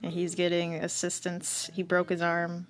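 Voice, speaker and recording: The host of a channel reads an old comic aloud in a monotone, low-leaning voice at normal speed. Her commentary is casual and rambling, full of giggles and self-mockery.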